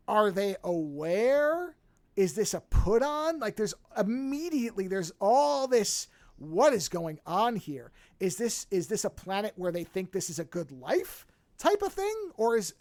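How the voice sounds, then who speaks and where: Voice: medium pitch, no echo. A podcast host in casual chat, retelling a film with plenty of swearing and acting out the characters' lines. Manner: profane, animated storytelling, acts out characters' lines.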